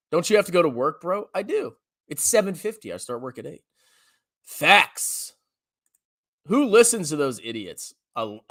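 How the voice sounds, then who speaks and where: A man hosting a personal finance channel, reading viewer comments aloud in an animated, slangy way and laughing often. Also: on the high side.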